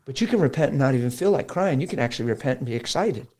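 A middle-aged man, a pastor, talking about faith in a lively conversational preaching style, acting out quotes as he tells stories. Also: medium pitch, racing. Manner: animated storytelling, acts out quotes. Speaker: pastor guest.

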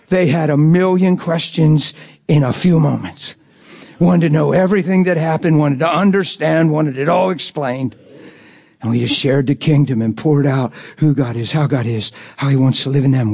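Husky animated male preacher. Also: a little high, moderate pace. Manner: animated storytelling, acting out quoted voices, laughing often. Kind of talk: storytelling sermon.

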